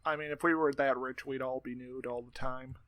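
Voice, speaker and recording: A man's voice: mid-range voice, fairly even intonation, fairly quick, a bit bright. A man co-hosting a podcast in wry, playful chat. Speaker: podcast co-host.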